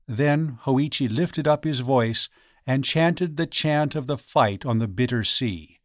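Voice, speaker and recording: A man's voice: mid-range voice, no echo, clean studio sound. Man narrating a ghost story. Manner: measured storytelling. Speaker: audiobook narrator. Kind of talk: scripted narration.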